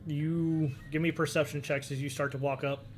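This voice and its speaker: A man's voice: a little high, flat delivery, normal speed, slight background noise. A young man narrating a tabletop game as game master, casual and rambling with many fillers.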